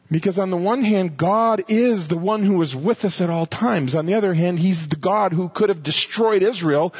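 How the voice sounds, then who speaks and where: A man's voice: on the high side, slightly rough. A man teaching a sermon earnestly, often repeating words as he finds his thought. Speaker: Bible teacher. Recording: muffled lo-fi recording.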